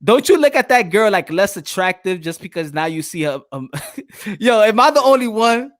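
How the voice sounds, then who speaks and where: A man's voice: high-pitched, very animated, normal speed, a bit bright, dry recording, studio quality. A man with a New York accent hosting a casual chat, loose and slangy, laughing often. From New York City. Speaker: podcast host.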